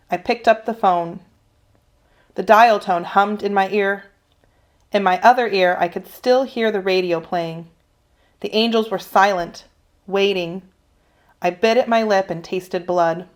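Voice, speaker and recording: A woman teacher reading a children's novel aloud in a steady, expressive storytelling voice. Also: mid-range voice. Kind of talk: children's read-aloud narration.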